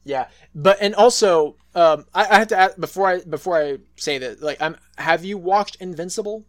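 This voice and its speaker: A man hosting a casual comics podcast, eagerly retelling scenes and chatting with a guest. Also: high-pitched. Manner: excitable, retells scenes with quick quoted voices. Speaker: podcast host. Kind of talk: casual chat about comics.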